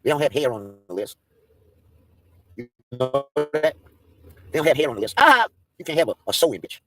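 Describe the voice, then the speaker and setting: A man's voice: medium pitch, lively intonation, rapid-fire, music in the background. A man in a profane, taunting livestream rant, mocking and daring his targets.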